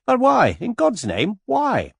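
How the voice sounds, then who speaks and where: Brief: man playing pompous indignant English gent, audiobook, husky and loud. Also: big pitch swings, fairly quick, dry recording, studio quality. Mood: outraged. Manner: formal, indignant, booming. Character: pompous, stuffy middle-aged English gentleman.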